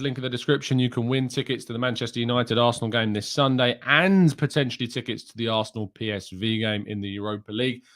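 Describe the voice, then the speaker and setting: A man's voice: mid-range voice, a bit bright. A man hosting a live football news show, talking through reports in a conversational way with frequent ums and restarts. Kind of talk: live news roundup and chat.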